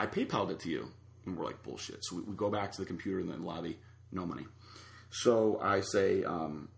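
A man's voice: low-pitched, gravelly, echoey room. A man casually telling a long anecdote, acting out the other people's lines. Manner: animated storyteller acting out quotes. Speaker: storyteller guest.

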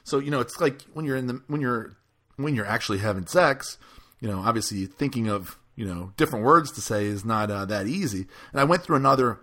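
A man hosting a podcast, telling a casual story in a rambling, halting way with lots of fillers. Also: mid-range voice, lively intonation, fairly bright tone. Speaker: podcast host.

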